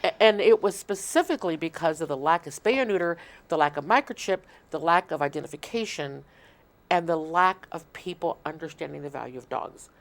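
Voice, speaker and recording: A woman speaks as a guest in a casual interview, in a slightly low voice. She explains earnestly and at length, often restarting her sentences as she goes. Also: expressive, a little fast. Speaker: shelter marketing manager, guest.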